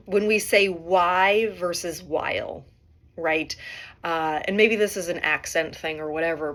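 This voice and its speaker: Middle-aged woman, podcast host, reflective rambling monologue, slightly low voice. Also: fairly bright tone. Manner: musing, rambling, often adds "right?".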